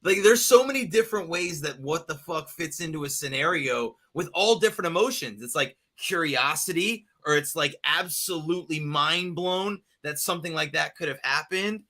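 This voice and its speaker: A man co-hosting a podcast in casual chat, animated, with lots of fillers and laughter. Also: a little high, moderate pace, hardly any pauses. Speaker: podcast co-host.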